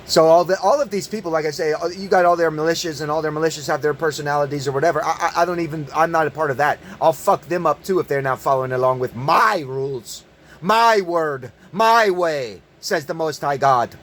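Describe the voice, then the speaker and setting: A man's voice: a little high, brisk, a bit bright, a little hiss or hum. A man delivering an angry, profane monologue, emphatic and prone to repeating words in bursts. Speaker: online commentator. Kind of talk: ranting monologue.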